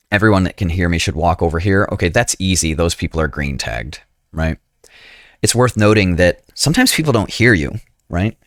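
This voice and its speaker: A man's voice: low voice, no room sound, clean studio sound. A man giving a recorded lecture as an EMS instructor, talking in a conversational way with frequent "right?" asides and self-corrections.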